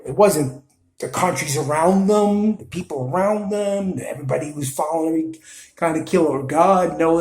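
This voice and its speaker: New york italian guy ranting at the camera, kinda high voice, echoey room, blunt and scolding. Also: darkish tone. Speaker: video commentator.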